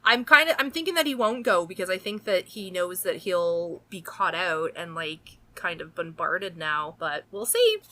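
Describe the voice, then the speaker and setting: A woman co-hosting a podcast in casual chat, excitable and animated as she tells stories. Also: lowish voice, normal speed, hardly any pauses. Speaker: podcast co-host.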